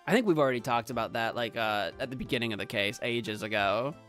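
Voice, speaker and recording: An American woman streaming a video game, rambling in an animated, giggly way. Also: very deep voice, quick pace, soft background music. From United States. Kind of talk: casual let's play commentary.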